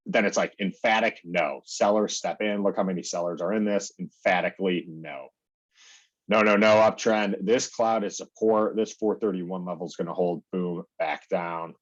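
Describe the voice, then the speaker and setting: With the highs cut off, the recording carries a deep, somewhat breathy male voice at a moderate pace. He's a young day trading teacher casually going over charts on his screen, chatting away with plenty of "like" and "okay" while acting out his reactions.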